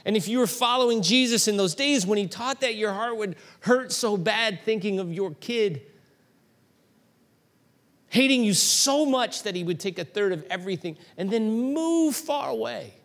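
Animated middle-aged male pastor preaching. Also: sits high, normal speed. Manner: animated storytelling, rising to emphatic peaks. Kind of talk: sermon.

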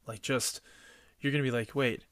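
A man's voice: medium pitch, fairly even intonation, moderate pace, fairly bright tone, no room sound. Eager storytelling man, dry close sound. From British Columbia, Canada. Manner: eager storyteller, swears casually. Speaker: podcast host. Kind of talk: casual chat.

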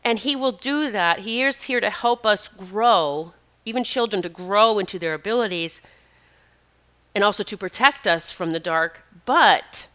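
Bright-voiced chatty middle-aged woman. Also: mid-range voice, measured pace. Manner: chatty, emphatic, prone to tangents. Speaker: spiritual advisor. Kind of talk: casual monologue.

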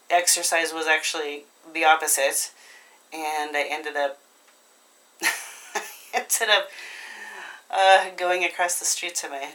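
A woman's voice: sits low, fairly bright tone, rough recording. A woman telling a childhood story in a casual, self-deprecating way, laughing often and restarting her sentences.

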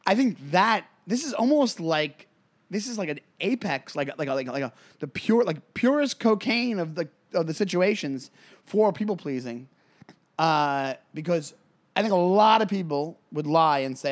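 A man co-hosting a casual comedy podcast, animated and filler-heavy, acting out little scenes as he talks. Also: fairly high pitch, moderate pace. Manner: animated, acts out scenes with voices, many fillers. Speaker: podcast co-host.

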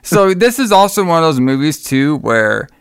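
A man co-hosting a podcast, rambling through a movie plot with casual swearing. His voice is smooth and clear, recorded dry and close to the mic. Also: fairly high pitch, moderate pace, dry recording. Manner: rambling, profane, energetic retelling. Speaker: podcast co-host. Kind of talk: casual chat, recapping a movie.

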